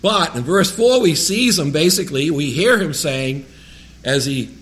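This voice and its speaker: A man's voice: fairly high pitch, expressive, measured pace, a bit bright. A man from New England with a New England accent, preaching as a lay preacher in a church. He reads scripture, then talks in a loose, rambling way with joking asides. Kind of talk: sermon with scripture reading.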